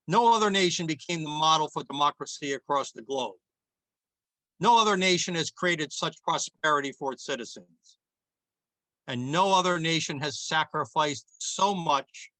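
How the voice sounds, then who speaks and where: Guy doing a fiery scripted monologue, bright forceful voice, slows way down for big dramatic lines, dry close sound. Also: on the high side, dry recording, poor audio. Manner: declamatory, emphatic, with dramatic slow pauses. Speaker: talk show host. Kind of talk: scripted political commentary.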